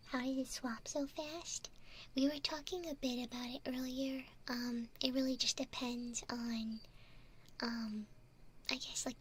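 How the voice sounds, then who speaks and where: A woman streamer in a whispered role-play, chatting in a breathy whisper and giggling often. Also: sits high, a little hiss or hum. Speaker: ASMR streamer.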